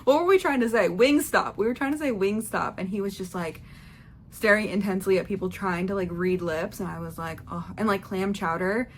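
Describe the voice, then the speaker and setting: A young woman vlogger telling a rambling, excitable story about a concert, full of fillers and quoted asides. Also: medium pitch, a little fast, a little hiss or hum. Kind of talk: chatty concert recap vlog.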